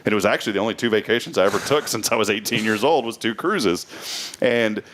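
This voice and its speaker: A man with a fairly low voice hosts a casual local talk show. He rambles cheerfully through jokey anecdotes and chats easily with his guests. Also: fast, fairly bright tone, slight background noise. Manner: joking, rambling storyteller. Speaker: host. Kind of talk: casual chat.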